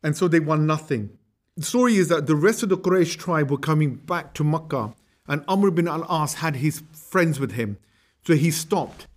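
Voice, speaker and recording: A man's voice: a little high, moderate pace. A man giving a storytelling religious history lecture, conversational and acting out quotes. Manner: lively, conversational, acts out quotes.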